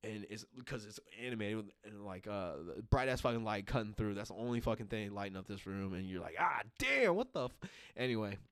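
A man's voice: lowish voice, steady tone, fast, few pauses, clear, resonant tone, no echo, clean studio sound. A young man chatting casually on a podcast, rambling through profane stories with lots of fillers. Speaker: podcast co-host. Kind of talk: casual chat.

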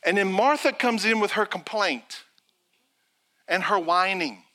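A man's voice: high voice, a little slow. A middle-aged man preaching a sermon as pastor, telling stories and acting out the people in them. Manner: animated storytelling preacher, acts out quotes.

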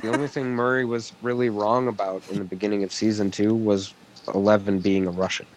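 A man's voice: fairly low pitch, steady tone, a little fast, a little hiss or hum, rough recording. A man in a casual podcast chat, explaining things at length and with care for detail.

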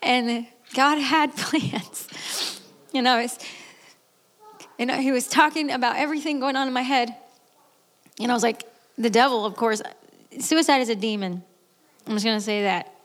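A woman in her late thirties giving a candid, earnest personal testimony, with restarts and quick laughs. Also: a little high, a bit bright. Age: 30s. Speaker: guest speaker. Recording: echoey hall.

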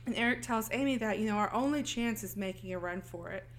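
A woman's voice: mid-range voice, fast talker, a little hiss or hum. A woman co-hosting a podcast, casually recapping a film and acting out the characters' lines. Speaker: podcast co-host.

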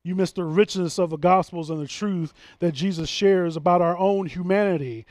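A man's voice: sits high, steady tone, moderate pace, a little mellow, no echo. A man preaching a sermon as pastor, earnest and emphatic, often restarting his phrases.

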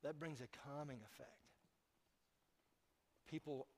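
A man's voice: fairly high pitch, steady tone, a little slow, darkish tone. A man preaching a sermon to his congregation, telling a story and putting questions to his listeners. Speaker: pastor.

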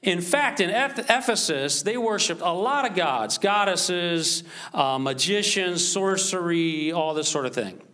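A man's voice: high-pitched, lively intonation, measured pace, pushed and bright. A man preaching a sermon, reading scripture with rising emphasis and talking conversationally to the congregation. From United States. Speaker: pastor.

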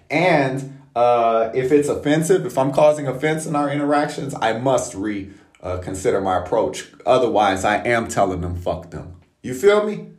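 A man's voice: medium pitch, a little mellow. A man hosting a podcast, talking in a loose, rambling monologue full of swearing. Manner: profane, loose and conversational. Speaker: podcast host. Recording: roomy echo.

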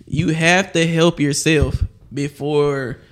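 A man's voice: a little high, fairly even intonation, slow. Laid-back man co-hosting a podcast. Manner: laid-back, candid, hedging with "like". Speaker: podcast co-host. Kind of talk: casual chat.

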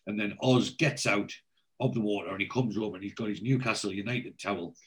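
A man's voice: on the low side, a little fast. A man hosting a podcast, recapping an episode in a chatty storytelling way. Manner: chatty, storytelling, acts out scenes. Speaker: podcast host.

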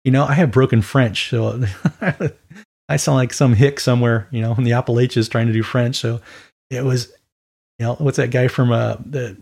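Gravelly man giving a casual Bible teaching. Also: medium pitch. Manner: conversational and animated, with quick mock voices and asides. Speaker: preacher.

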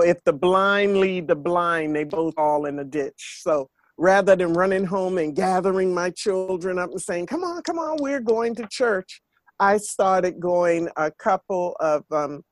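A woman's voice: on the low side, no room sound. An older woman hosting a faith podcast, speaking in an earnest, repetitive preaching cadence. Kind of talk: spiritual talk monologue.

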